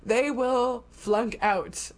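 A woman's voice: a little high, fairly even intonation, very slow. A woman co-hosting a podcast in casual chat, explaining things in detail with lots of "like" fillers.

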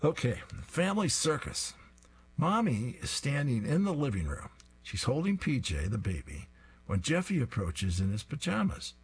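A man's voice: mid-range voice, very animated, moderate pace, slightly rough, soft background music. A man reading comic strips aloud, describing each panel with amused asides.

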